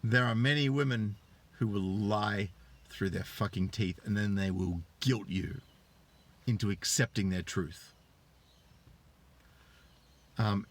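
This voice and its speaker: A man in his thirties with an Australian accent, hosting a live stream. He retells stories with rising excitement, greets viewers in chat, and swears freely. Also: normal speed. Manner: animated storyteller, swears freely, voice rises high when excited. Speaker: online show host.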